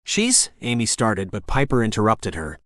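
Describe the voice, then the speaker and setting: A man narrating a first-person novel as an audiobook in a steady storytelling voice. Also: on the low side, normal speed, no room sound, studio quality.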